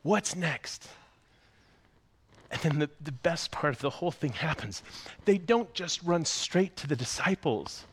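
A man preaching a sermon as a pastor, speaking in a conversational, expressive way. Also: a little high, moderate pace, hardly any pauses, a little hiss or hum. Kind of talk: sermon with story reading.

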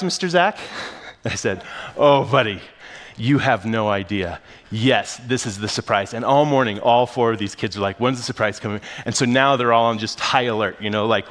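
A man, a pastor and father of three young boys, preaching a sermon in a casual, animated storytelling style. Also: medium pitch.

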